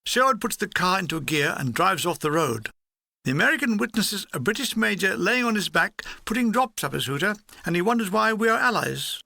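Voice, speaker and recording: A man reading his own war memoir aloud in a dry, wry, deadpan manner. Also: high-pitched, a little fast, gravelly, dry recording. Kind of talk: audiobook reading.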